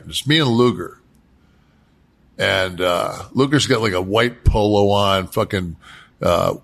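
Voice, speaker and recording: Older guy with a gravelly low voice, cussing his way through a long road story, keeps restarting lines. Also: a bit bright. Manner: profane, rambling, many restarts. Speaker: podcast guest telling road stories. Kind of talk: casual storytelling.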